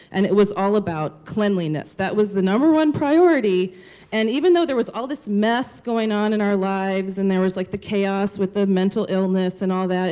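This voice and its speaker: Warm and mid-range, a woman's voice carries a personal tale at a live storytelling show. She's candid and relaxed, swearing often and leaning heavily on "like."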